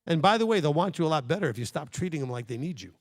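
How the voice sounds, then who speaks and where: A man's voice: a little high, lively intonation, rapid-fire, dry recording, studio quality. A man leading a congregation as its rabbi, teaching in a conversational and emphatic way, speaking straight to the listeners.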